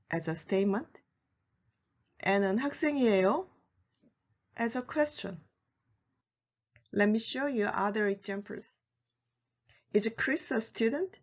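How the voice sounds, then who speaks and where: A woman teaching a grammar lesson, explaining clearly and patiently. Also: medium pitch, highs cut off. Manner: clear, patient explanations with slow modeled Korean examples. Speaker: Korean language teacher.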